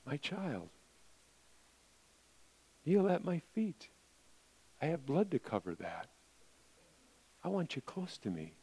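Tender gentle spirit figure voiced by a man, hushed, soft, slow. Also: a little high, big pitch swings, husky, voice pushed up, heavily acted.

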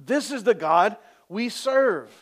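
A man preaching a sermon as pastor, telling the story vividly, asking for amens and dropping from loud to hushed. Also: high voice, slow pace. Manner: lively storytelling, swings between loud and hushed; asks the congregation for amens.

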